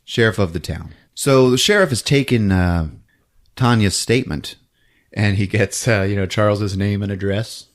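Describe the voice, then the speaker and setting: A man hosting a podcast, recapping a movie in a casual comedic way and acting out the characters in quick voices. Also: lowish voice. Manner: animated, acts out characters in quick funny voices, laughs often.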